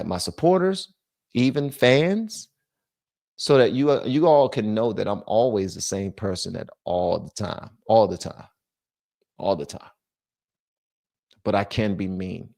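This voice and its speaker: Gravelly man ranting on a livestream. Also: no room sound, clean studio sound. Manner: animated, switches between loud rants and low muttering. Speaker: livestream host. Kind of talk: casual political commentary livestream.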